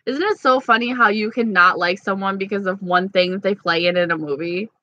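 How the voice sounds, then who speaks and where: A woman's voice: medium pitch, brisk, bright, forceful tone, no echo, highs cut off. A woman casually chatting with her viewers, playful and gossipy, laughing often. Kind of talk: casual chat reading live comments.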